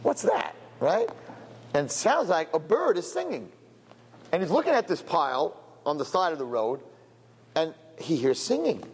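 A man, a rabbi, telling a parable in a sermon as an animated storyteller who drops in Yiddish words. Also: a little high, slightly rough. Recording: lecture hall reverb, faint noise.

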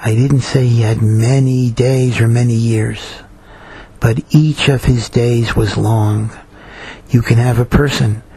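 A man giving a Torah talk as a storytelling sermon, earnest and slowing down to stress his points. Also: mid-range voice, creaky, a little mellow, slightly rough, poor audio.

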